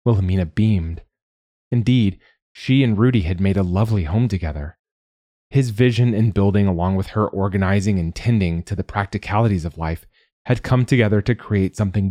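A man narrating a novel in a measured, unhurried storytelling manner. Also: deep voice, dark tone, no room sound, clean studio sound. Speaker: audiobook narrator. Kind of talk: scripted narration.

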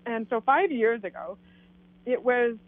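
A woman from Canada telling a personal story in a casual, animated way, acting out what people said. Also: fairly high pitch, measured pace, no room sound. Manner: animated, acts out quoted dialogue. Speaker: guest telling her story. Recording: tinny phone line, dry.

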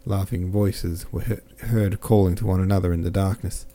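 A man narrating a classic novel as an audiobook in a steady, measured reading. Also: deep voice. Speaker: audiobook narrator and podcast host.

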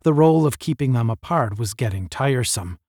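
A man narrates an old space-adventure novel in an even, measured storyteller's voice. His pitch is medium. The sound is dry and close, with no room around it. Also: no echo. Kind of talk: audiobook narration.

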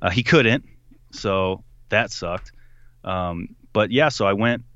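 Animated man telling army stories. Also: on the low side, slow pace, no room sound, highs cut off. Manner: animated, quotes people in voices, laughs often. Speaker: podcast guest. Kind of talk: casual storytelling.

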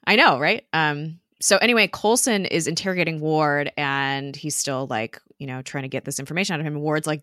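A woman's voice: sits low, moderate pace, pushed and bright, no echo, studio quality. A young woman co-hosting a podcast, recapping a TV episode in casual chat, swearing now and then and acting out the characters' lines.

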